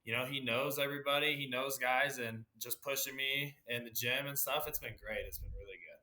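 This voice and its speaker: A teenage boy, a high school athlete, giving easygoing answers in an interview. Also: fairly even intonation, fairly quick, pushed and bright. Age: teens. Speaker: guest athlete.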